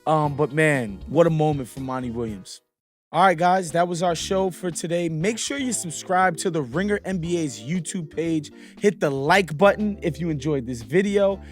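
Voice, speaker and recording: A man from New York hosting a casual basketball commentary show, animated and opinionated, often laughing. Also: fairly high pitch, moderate pace, faint music behind. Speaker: host.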